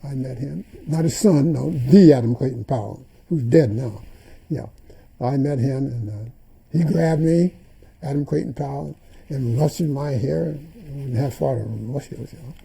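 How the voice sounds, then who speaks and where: Husky, gravelly older man telling stories. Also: mid-range voice, moderate pace, warm tone. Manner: anecdotal, acts out remembered dialogue. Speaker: interviewee. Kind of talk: reminiscing interview storytelling.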